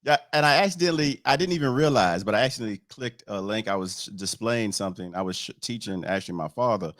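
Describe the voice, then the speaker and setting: A man hosting a casual interview, playful and hyped, often jumping up loud and high. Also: fast talker, dry recording, studio quality. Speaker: podcast host.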